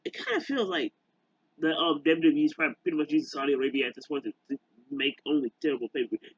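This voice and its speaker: A man ranting casually to camera in a halting, rambling way full of fillers and restarts. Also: on the high side, slightly rough, no echo, lo-fi sound. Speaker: YouTuber.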